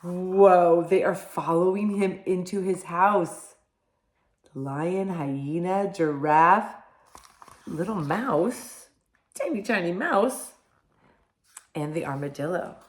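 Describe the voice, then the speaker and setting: A woman teacher reading picture books aloud to young children, animated and gentle, often asking them questions. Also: fairly low pitch, slow. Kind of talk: children's storybook read-aloud. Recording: echoey room.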